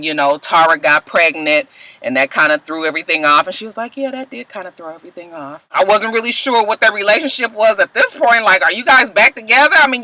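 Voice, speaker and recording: Sassy woman ranting with lively pitch. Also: rough recording. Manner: profane, sassy, animated, laughs often. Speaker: reality TV reviewer. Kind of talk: casual recap with commentary.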